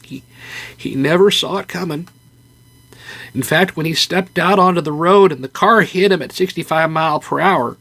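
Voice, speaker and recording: An elderly grieving mother, put on by a man in a lifted, higher voice that breaks into hesitant fragments. The sound is husky and a little distant from the microphone. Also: a bit bright. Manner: halting, raised high voice.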